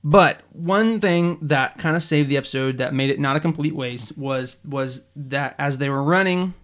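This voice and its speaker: Podcast co-host, male, fairly high voice, excitable and animated storyteller. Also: normal speed. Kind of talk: casual chat.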